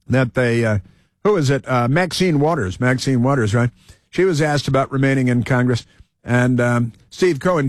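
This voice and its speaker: A man's voice: medium pitch, no room sound. A man giving sarcastic political commentary, with mocking asides and frequent filler restarts.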